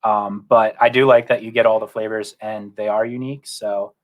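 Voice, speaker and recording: A man's voice: lowish voice, flat delivery, normal speed. A man, a guest photographer, explaining his work in an easygoing, step-by-step way. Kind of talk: casual chat.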